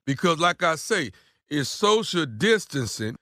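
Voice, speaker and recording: A man's voice: a little high, sing-song, measured pace, bright, forceful tone, no room sound, studio quality, exaggerated voice. A man playing a grumpy, nagging older male neighbor on a prank phone call, stammering and repeating himself. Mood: stubborn. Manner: pleading then blustering, repeats himself, stammers. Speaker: prank caller.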